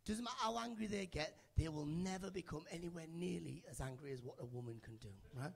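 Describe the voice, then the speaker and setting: A man's voice: a little high, fast talker, gravelly. A man doing a stand-up set on a comedy club stage, chatting and teasing audience members by name into a handheld mic. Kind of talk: stand-up set with crowd work.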